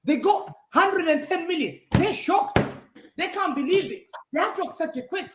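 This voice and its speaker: Animated ranting football pundit, high lively voice. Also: male voice, normal speed, background noise. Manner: animated, mocking, emphatic repetition. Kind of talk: heated football fan talk show rant. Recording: roomy echo.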